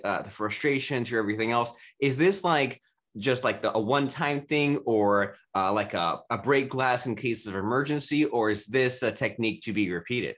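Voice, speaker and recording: A man's voice: medium pitch, fairly bright tone. Rambling male podcast host. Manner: rambling, full of "like" fillers. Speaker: interviewer host. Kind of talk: casual interview chat.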